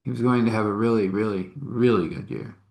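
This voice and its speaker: Folksy male storyteller with a low voice. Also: a little fast, creaky, a little mellow. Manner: folksy, chuckling asides. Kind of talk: casual spoken storytelling.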